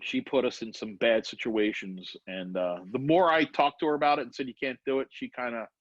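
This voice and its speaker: A man's voice: mid-range voice, brisk, no room sound. A middle-aged man hosting a podcast, telling a story with lots of energy and acting out the dialogue. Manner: animated storyteller, acts out both sides of a dialogue. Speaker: podcast host. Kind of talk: casual storytelling. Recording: dry, slightly dull podcast recording.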